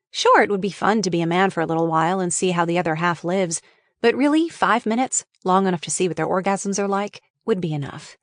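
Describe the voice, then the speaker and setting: A woman's voice: mid-range voice, no room sound, clean studio sound. A woman reading her own memoir aloud in a frank, wry and openly profane manner. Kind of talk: audiobook memoir narration.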